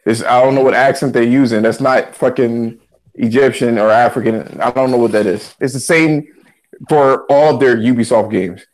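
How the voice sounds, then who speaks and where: A man's voice: mid-range voice, moderate pace, darkish tone. Blunt, profane man in casual chat. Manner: blunt, profane, repeats himself. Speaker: podcast co-host.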